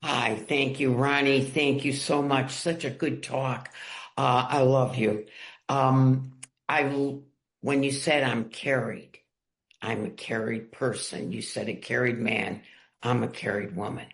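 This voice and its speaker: A woman at a recovery meeting shares slowly and from the heart. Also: rumbling low, steady tone, reverberant. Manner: slow, heartfelt sharing. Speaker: meeting participant.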